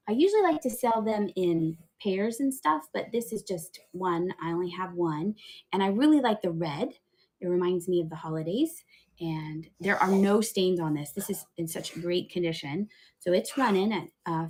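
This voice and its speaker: A woman's voice: mid-range voice, a little mellow, husky. Chatty giggling woman running a live sale. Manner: chatty, giggly, thinks aloud while selling. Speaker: online auction seller. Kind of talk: live-stream selling chat.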